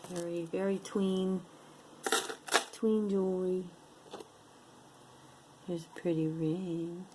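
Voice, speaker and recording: A woman's voice: low voice, background noise. A woman casually showing and describing jewelry pieces one by one, with playful sing-song asides. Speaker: jewelry unboxing vlogger. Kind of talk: casual show-and-tell commentary.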